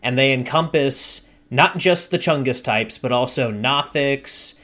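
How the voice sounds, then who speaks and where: A man in an easygoing conversation who unfolds his gaming anecdotes at a slow, measured pace. His pitch sits in an ordinary middle range, and he builds each story step by step as the host. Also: bright, forceful tone. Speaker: podcast host and game master. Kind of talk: casual chat.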